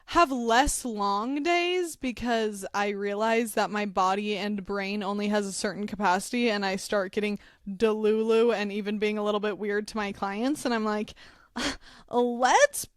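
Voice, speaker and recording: A woman's voice: mid-range voice, smooth, no echo, studio quality. A young woman co-hosting a podcast in casual chat. She is giggly and playful and slips into silly voices. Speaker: podcast co-host.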